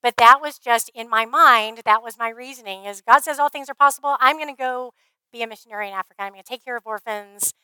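Woman telling her faith story at a conference, smooth clear voice, a bit high, heartfelt. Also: fast, no room sound, low-quality recording. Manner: earnest, heartfelt storytelling with soft trailing phrases. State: briefly emotional. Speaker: conference speaker. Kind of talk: faith testimony talk.

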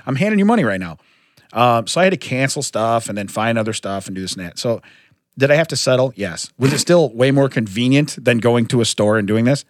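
A man's voice: mid-range voice, brisk, no echo, studio quality. A man in his forties co-hosting a podcast in casual chat, telling stories and acting out the quotes. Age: 40s. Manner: animated storyteller, acts out quotes. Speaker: podcast co-host.

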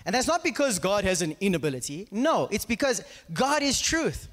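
A man's voice: high-pitched, moderate pace, long reverb tail. A man preaching a conversational sermon full of anecdotes, often checking in with his audience. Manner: animated, constantly checks in with the audience.

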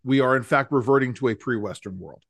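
A man's voice: mid-range voice, fast, dry recording. A man co-hosting a political podcast, talking emphatically and driving the conversation. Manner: emphatic, rising to anger. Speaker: podcast co-host.

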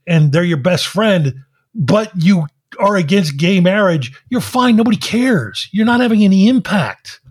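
A man's voice: sits high, a little mellow, slightly rough. A man co-hosting a podcast, ranting in a profane, exasperated way. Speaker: podcast co-host. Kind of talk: casual chat.

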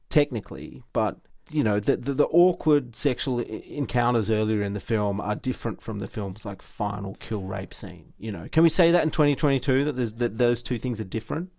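A man co-hosting a casual film podcast, thinking out loud and often repeating words as he goes. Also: medium pitch, moderate pace, creaky, few pauses. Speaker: podcast co-host.

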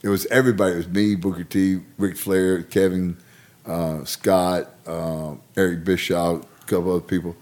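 Male podcast co-host, low voice, loose laughing storyteller. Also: flat delivery, normal speed, darkish tone. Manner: rambling, laughing storyteller who acts out quotes. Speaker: podcast co-host, former wrestler. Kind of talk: casual storytelling chat.

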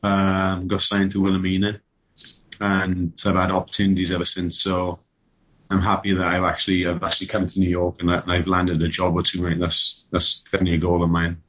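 A Welsh man with a very deep, husky voice chats as a podcast guest. He speaks in an even, flat, relaxed way, and the audio comes through dull and lo-fi over a video call. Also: brisk. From Wales. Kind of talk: casual podcast chat.

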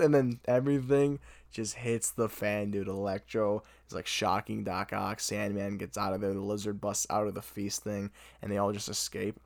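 A young man gushing about a movie in an excited, casual recap, full of "dude" and "oh my God". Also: lowish voice, moderate pace, creaky, few pauses, dry recording, clean studio sound. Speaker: movie fan reviewer.

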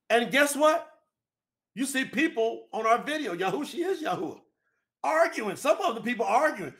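A man with a high, bright, ringing voice teaches about scripture translation. He drives each point home emphatically and keeps throwing rhetorical questions at his listeners. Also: very animated, moderate pace. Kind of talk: religious teaching talk.

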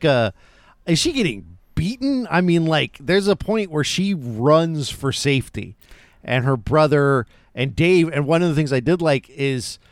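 A man's voice: on the high side, no room sound, studio quality. A man co-hosting a podcast, casually retelling film scenes and chatting. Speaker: podcast co-host.

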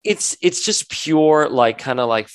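Animated, jokey male podcast co-host. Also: a little slow, dry recording. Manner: animated, jokey, pitch jumps up when mocking characters. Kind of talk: casual chat reviewing comics.

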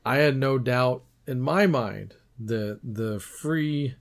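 A man's voice: mid-range voice, slow pace, creaky. A man co-hosting a podcast, talking casually and with enthusiasm. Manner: enthusiastic, talkative. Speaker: podcast co-host. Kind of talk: casual chat.

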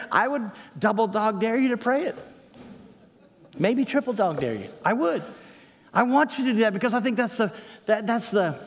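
A middle-aged man preaching a sermon with a notably high-pitched voice. He talks conversationally, tossing in asides and quick "right?" checks to the congregation. A long hall reverb trails his words. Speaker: pastor.

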